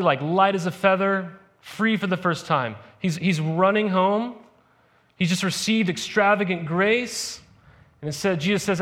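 Retelling a parable during his sermon, a young pastor keeps things animated and chatty, slipping in offhand remarks to the congregation. He speaks at a fairly high pitch.

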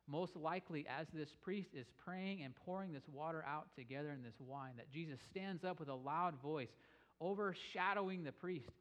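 A man preaching a sermon on scripture, telling the story with energy and raising his voice for emphasis. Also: a little high. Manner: animated storytelling, rising with emphasis. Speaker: pastor. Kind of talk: sermon teaching.

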